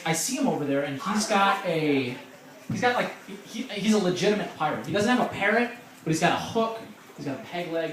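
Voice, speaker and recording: A young comic telling a stand-up joke in a halting way, repeating words, heard in an echoey room from far off. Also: mid-range voice, a bit bright.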